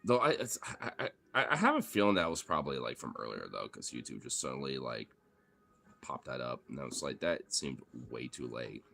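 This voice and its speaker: A man streaming live while playing with his pets, excitable, coaxing and teasing them and swearing a lot. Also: rumbling low, fairly quick, gravelly. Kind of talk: casual live-stream chat.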